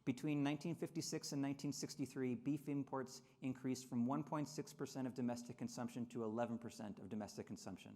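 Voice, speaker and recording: A man giving a lively convention speech on trade history, often repeating words and acting out quotes in mocking voices. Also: mid-range voice, fast, few pauses. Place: convention hall.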